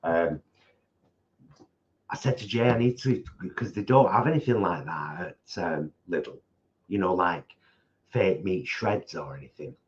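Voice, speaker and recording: Man, low voice, chatty and rambling, dull lo-fi kitchen audio. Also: expressive, a little slow, pauses often. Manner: chatty, rambling, restarts sentences. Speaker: co-host of a vegan food channel. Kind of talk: casual live-stream chat. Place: home kitchen.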